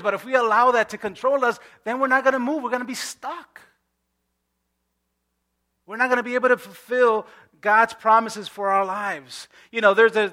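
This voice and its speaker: Bright-voiced middle-aged pastor preaching casually. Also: male voice, sits high. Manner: conversational, many asides and restarts. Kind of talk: sermon.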